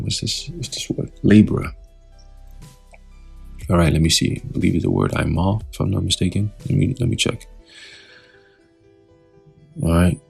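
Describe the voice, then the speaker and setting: A man with a very low, gravelly voice and a husky edge, teaching scripture in a loose, conversational way. He keeps asking his listeners questions as he goes. Faint music plays behind him.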